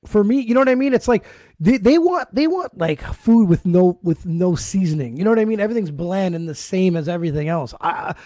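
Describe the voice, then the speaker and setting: A man's voice: high voice, animated, a little fast, dark tone, no room sound, clean studio sound. A man hosting a podcast interview, chatting in an easygoing way and wandering off on tangents. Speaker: podcast host. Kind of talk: casual interview chat.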